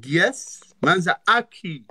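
A man's voice: high voice, expressive, slow pace, bright, forceful tone, slight background noise. Laid-back man hosting a livestream. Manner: laid-back, slang-heavy, banters with viewers. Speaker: livestream host. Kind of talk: casual livestream chat.

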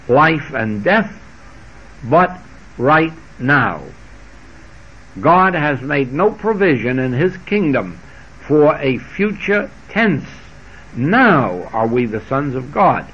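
A man giving a spiritual lecture, speaking deliberately and repeating scripture phrases with shifting emphasis. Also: fairly high pitch, husky. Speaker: spiritual teacher. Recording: dull lo-fi archival tape.

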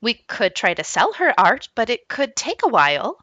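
An anxious, placating mother from a children's storybook, pitched high and quick to soothe, as a woman reads her aloud. Her lines swing up and down with a bright, forceful tone. The voice sits dry and close. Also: huge pitch swings, no echo, muffled recording, exaggerated voice. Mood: nervous. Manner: high, nervous and eager to smooth things over. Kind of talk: reading a children's book aloud.

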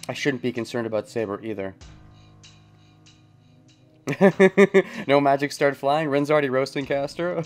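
Brief: male game streamer at mid pitch, relaxed play-along commentary with lots of little laughs. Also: a little slow, pauses often, faint music behind. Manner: thinks aloud, chuckles often. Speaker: let's play host.

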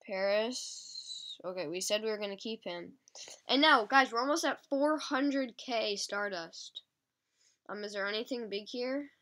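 A woman with a stuffy, sniffly nose giving casual, excitable gameplay commentary to her viewers. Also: mid-range voice, a little slow. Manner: chatty, excitable, talking to viewers. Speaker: mobile game channel host.

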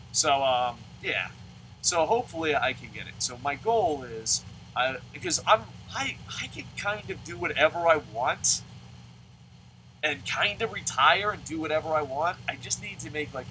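A man in his thirties commentating his own video game play at home, excitable and swearing, shouting at the game between rambling talk about his goals. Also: a little high, slight background noise, poor audio. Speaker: gaming video host.

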